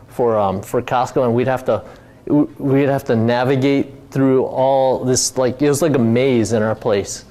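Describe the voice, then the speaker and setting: A man's voice: medium pitch, mellow. A middle-aged man from Hawaii, a company founder telling his story in a casual talk, rambling with many fillers and restarts.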